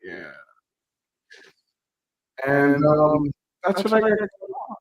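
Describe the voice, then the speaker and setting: A man's voice: fairly high pitch, huge pitch swings, slow, low-quality recording. A man co-hosting a casual livestream, telling crude jokes loosely and laughing at his own punchlines. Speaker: stream co-host.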